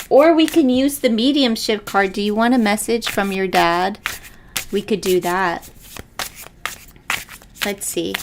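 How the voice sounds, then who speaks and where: Chatty woman reading tarot on a live stream. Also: mid-range voice. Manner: chatty and rambling, laughs often, emotional. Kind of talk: casual live-stream chat with viewers.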